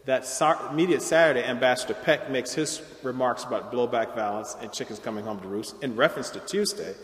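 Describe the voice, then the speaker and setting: A man giving an academic lecture in a measured, explanatory way, with occasional restarts. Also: mid-range voice. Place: large lecture hall. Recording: roomy hall reverb.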